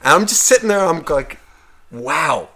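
Male podcast co-host, bright ringing tone, loose profane storyteller. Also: mid-range voice, a little fast. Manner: rambling, heavy swearing, animated retelling.

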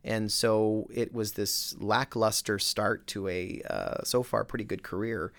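A middle-aged man, a real estate agent, telling a story in a casual, animated, self-mocking way. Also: lowish voice, unhurried, gravelly. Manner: animated, self-mocking, with many fillers and restarts.

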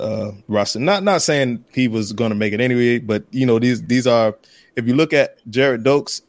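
A man's voice: mid-range voice, no echo. A man hosting a sports podcast, building an argument emphatically and repeating his points for effect. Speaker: podcast host. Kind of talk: casual sports podcast chat.

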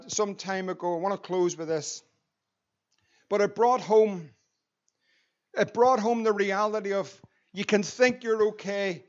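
A Northern Irish man preaching an evangelistic sermon with passion, dropping to a hush and then building to loud emphasis. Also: high voice. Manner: impassioned, swinging between hushed and loud emphasis. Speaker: pastor. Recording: dull lo-fi church recording.

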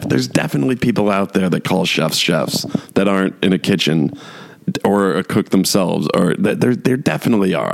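A man's voice: lowish voice, vocal fry. Rambling man in a casual rant. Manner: rambling, lots of "like" fillers and restarts, laughs while talking; mocking, exasperated rant. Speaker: podcast host. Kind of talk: casual solo chat.

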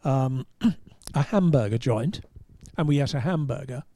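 A man, a podcast host and motoring journalist, telling an anecdote in an animated way and chuckling at his own punchlines. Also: mid-range voice, measured pace, dry recording. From England. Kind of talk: anecdotal storytelling.

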